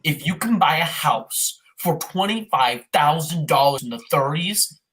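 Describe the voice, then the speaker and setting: A podcast co-host recapping an old film in a rambling, profane, excitable way, sometimes doing quick mock voices. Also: medium pitch. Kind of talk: casual comedic chat.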